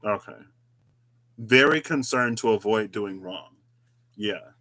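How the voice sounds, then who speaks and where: A tarot reader who hosts his own channel muses aloud in a loose, rambling monologue full of chatty asides. His voice is lowish, slow, pushed and bright, with slight background noise.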